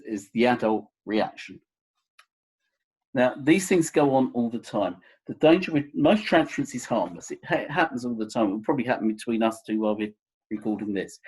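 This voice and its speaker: A man, a counsellor, explaining pastoral listening in a recorded teaching seminar, gentle and full of examples. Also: lowish voice, husky.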